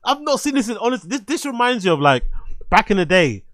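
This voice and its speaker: A man hosting a live stream, giving casual commentary that is animated, repetitive and full of swearing and laughter. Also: high voice, fast, no room sound. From London. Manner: animated, swears freely, laughs often, repeats phrases. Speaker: streamer host.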